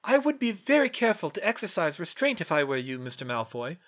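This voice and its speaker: A man voicing a clever, confident teenage witch girl who speaks calmly and smugly. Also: high voice, quick pace, pitched above the performer's own voice. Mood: calmly warning. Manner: calm, cool and smug.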